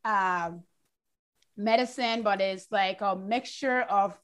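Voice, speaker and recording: A woman hosting a casual online chat show, effusive and gushing with excitement about her guest. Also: mid-range voice, slow pace. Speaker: show host.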